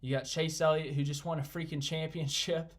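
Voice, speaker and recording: A young man hosting a casual live stream, rambling excitedly and reading viewer comments aloud. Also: on the high side, brisk.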